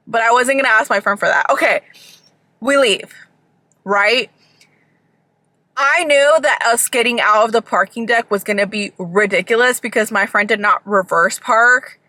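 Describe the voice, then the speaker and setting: Young woman vlogger, high, bright voice, dry close sound, chatty and animated, swears a lot. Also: dry recording. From Georgia. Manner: animated, swearing, acts out people in bursts. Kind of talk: casual storytime chat.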